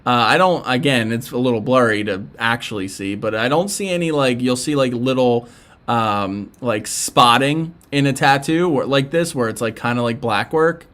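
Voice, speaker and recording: Casual young male streamer, Philly accent, mid-pitched and easygoing, rambling with plenty of "um"s and "like"s. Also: moderate pace, fairly bright tone. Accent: Philadelphia. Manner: laid-back, rambling, with frequent fillers and restarts. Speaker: livestream host. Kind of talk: casual live-stream chat reacting to viewer messages.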